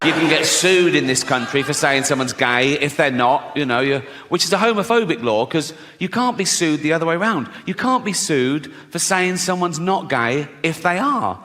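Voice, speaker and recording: A man's voice: on the high side, expressive, normal speed, few pauses, bright, forceful tone, long reverb tail, slight background noise. A man doing a stand-up comedy routine, provocative and laughing at his own jokes.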